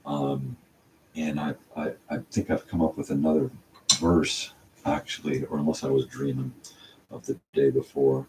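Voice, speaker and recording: A man's voice: extremely low pitch, flat delivery, moderate pace. An older man hosting his own channel, talking through his songwriting in a loose, meandering monologue full of fillers and restarts. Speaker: channel host. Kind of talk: rambling casual monologue. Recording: distant mic with faint room noise.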